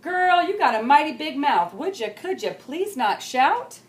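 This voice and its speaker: A woman voicing an exasperated neighbor who scolds loudly in a storybook reading. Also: high-pitched, big pitch swings, a little slow, voice pushed up. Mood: scolding. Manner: scolding, loud. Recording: roomy echo.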